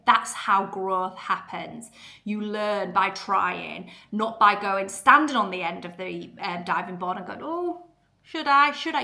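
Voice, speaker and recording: A woman's voice: mid-range voice, pushed and bright. A woman, giving an earnest, chatty motivational talk as a podcast host. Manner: chatty, earnest, lots of fillers.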